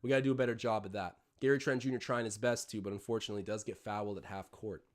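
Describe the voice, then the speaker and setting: A man's voice: lowish voice, steady tone, racing. A young Canadian man hosting a live watch-along stream, mixing casual play-by-play with rambling chatty tangents.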